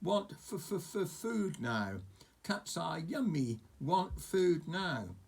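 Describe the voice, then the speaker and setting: A man's voice: on the high side, big pitch swings, drawn-out words, husky, voice pushed up, full character voice. A man voicing a small greedy young male dragon who stutters and demands food. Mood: demanding.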